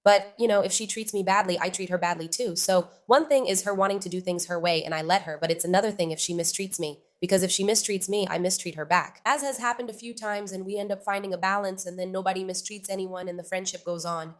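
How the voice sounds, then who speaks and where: A woman's voice: medium pitch, quick pace, hardly any pauses. Chatty woman telling a story. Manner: chatty, animated, addresses viewers as guys. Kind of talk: casual storytime vlog.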